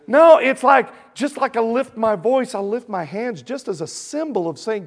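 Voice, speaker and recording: Male pastor mid-sermon, high-pitched, animated, shifts between booming and gentle. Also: moderate pace, hardly any pauses. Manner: animated and emphatic, swings from loud exclamations to soft earnest asides.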